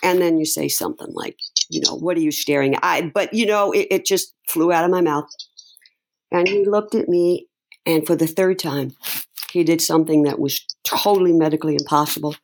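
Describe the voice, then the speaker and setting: A middle-aged woman, an interview guest, recounts a personal story in conversation, speaking emotionally and haltingly with many restarts. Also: sits low, gravelly, slight background noise.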